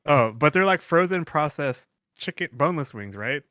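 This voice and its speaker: Guy cohosting a podcast, rambly and swears a lot, bright crisp voice. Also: a little high, animated, moderate pace, no room sound, clean studio sound. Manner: rambling storyteller, curses freely. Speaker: podcast co-host. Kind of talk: casual chat.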